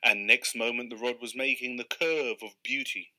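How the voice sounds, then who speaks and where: A man's voice: mid-range voice, fairly even intonation, normal speed, bright, forceful tone. A man reading a comic short story aloud live, then chatting casually about it. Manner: casual, chatty asides with fillers. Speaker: reader.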